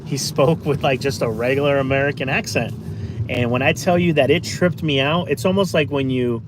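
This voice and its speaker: A man in his forties live streams from his car while driving around town, telling rambling stories filled with fillers and restarts and reading out viewer comments. His voice is medium-pitched at a normal speed, recorded on a phone with car and street noise behind him.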